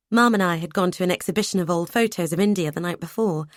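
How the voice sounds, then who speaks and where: A woman narrating a first-person audiobook in a measured way, with lively dialogue. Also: lowish voice, dry recording, studio quality.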